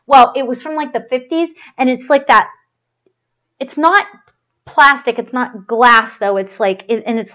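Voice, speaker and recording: Woman, medium, live stream host, rambling, halting, fillers, gushing, fairly high voice. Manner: gushing and affectionate. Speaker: medium hosting a live show. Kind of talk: live-stream chat and psychic reading.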